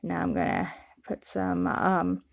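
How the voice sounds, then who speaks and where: A woman narrating her scrapbooking process in a relaxed, casual voice-over, with many ums and uhs. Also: on the low side, slow, creaky, no echo. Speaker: scrapbooking channel host.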